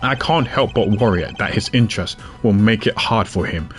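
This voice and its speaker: A man voicing a gruff middle-aged detective. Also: on the low side, normal speed, faint music behind, close to an everyday voice. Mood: steady.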